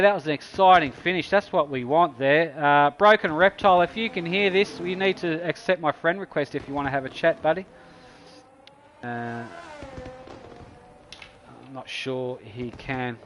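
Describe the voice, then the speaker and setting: A man's voice: a little high, normal speed, fairly bright tone, slight background noise, low-quality recording. A man hosting an online racing league, chatting casually and matily with drivers after a race, with lots of fillers. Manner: chatty, matey, many fillers. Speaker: esports league host. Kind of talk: casual post-race commentary and chat.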